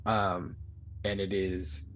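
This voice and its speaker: A man acting as game master, narrating the scene in a halting way and repeating his words. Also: low-pitched, flat delivery, a little hiss or hum, low-quality recording.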